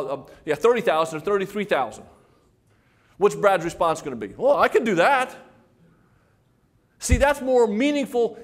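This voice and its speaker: An older man giving a motivational sales talk to an audience, telling stories and firing rhetorical questions at the crowd. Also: high-pitched. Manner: animated storytelling, acts out quoted voices. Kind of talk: keynote speech to an audience.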